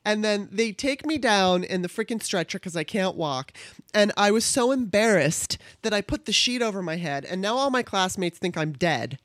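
Lively woman telling a story. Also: medium pitch, normal speed, dry recording, clean studio sound. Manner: animated, acts out quoted voices, laughs through the story. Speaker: guest telling a personal story. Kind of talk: casual storytelling.

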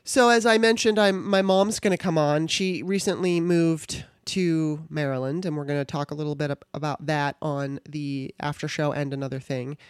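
A woman's voice: low-pitched, steady tone, moderate pace, hardly any pauses, smooth, no echo, studio quality. A woman hosting her own podcast, talking casually in a chatty, irreverent way and swearing now and then. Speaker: podcast host. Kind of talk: casual monologue.

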